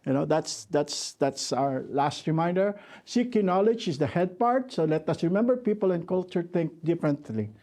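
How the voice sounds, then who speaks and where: Animated and barely pausing, a middle-aged man speaks at normal speed in a voice on the high side with a dark tone. Giving a conference workshop talk, he jokes at his own expense and restarts his sentences often.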